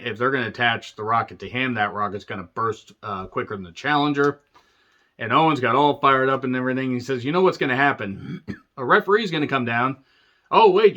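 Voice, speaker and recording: A man's voice: medium pitch, sharp tone, muffled recording. A man recapping a wrestling show in a sarcastic, profane rant. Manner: sarcastic, ranting, swears freely. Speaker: wrestling reviewer.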